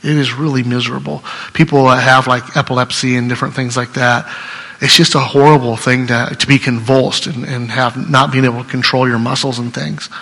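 A man's voice: mid-range voice, flat delivery, fairly quick, creaky, fairly bright tone. Earnest man preaching in an echoing hall. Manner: earnest, conversational, restarts mid-sentence. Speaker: pastor. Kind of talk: sermon.

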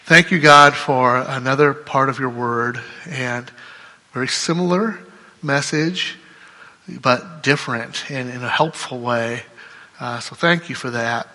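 A man's voice: medium pitch, unhurried, sharp tone. A man preaching a sermon as pastor, speaking conversationally and often checking in with "right?". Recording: long hall reverb.

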